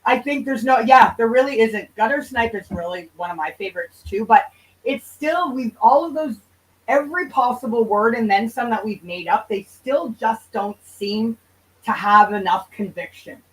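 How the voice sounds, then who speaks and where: Woman streamer, fairly high voice, a little off mic, casual and profane with her viewers. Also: moderate pace, distant mic, low-quality recording. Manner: loose, profane, banters with chat. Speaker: livestream host. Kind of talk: casual livestream chat reading viewer comments.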